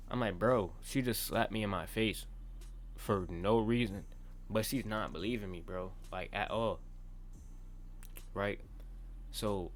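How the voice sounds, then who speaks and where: A young man narrates a personal story in a relaxed vlog monologue. His talk is full of slang and swearing, and it runs on in loose bursts with frequent restarts. He keeps checking in with the listener as he goes. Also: medium pitch. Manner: talks in loose run-on bursts with many restarts. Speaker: vlogger.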